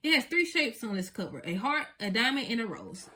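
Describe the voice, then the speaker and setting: Woman reader as an older male cartoon professor, fast and to the point, children's story. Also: fairly high pitch, sing-song, pushed and bright, a little hiss or hum. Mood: matter-of-fact.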